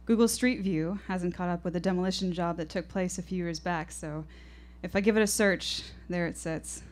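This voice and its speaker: A woman's voice: fairly low pitch, normal speed. A woman in her twenties telling a first-person story on stage, vivid and reflective. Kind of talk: live storytelling performance. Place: stage at a live show.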